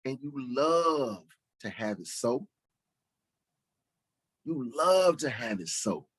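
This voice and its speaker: A middle-aged man preaching a blunt, mocking sermon and reading scripture, with swings between soft asides and shouting. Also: medium pitch, very animated, slow, husky, dry recording.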